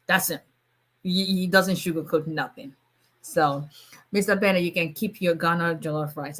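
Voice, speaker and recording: Middle-aged woman lawyer, low voice, fast talk, animated, laughs a lot, casual live stream chat. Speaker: immigration lawyer.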